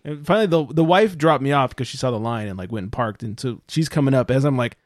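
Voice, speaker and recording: A man telling a story on a casual podcast, profane and animated, with loud outbursts when he quotes himself. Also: mid-range voice, quick pace, dry recording, clean studio sound. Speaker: podcast co-host. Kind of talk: casual chat.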